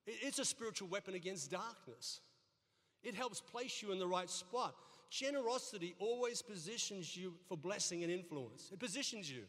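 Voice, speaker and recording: A man's voice: sits high, expressive, moderate pace, a bit bright. A middle-aged male pastor preaching a sermon in a church, telling folksy stories with humor and often repeating his words. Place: church sanctuary. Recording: long reverb of a church hall.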